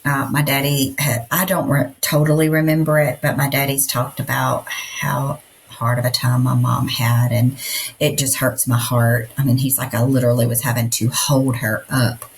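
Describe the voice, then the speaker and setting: Podcast co-host, woman, middle-aged; low register, loose chatty storytelling delivery. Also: little pitch movement, normal speed, a little hiss or hum. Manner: rambling, storytelling with many fillers. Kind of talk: casual chat.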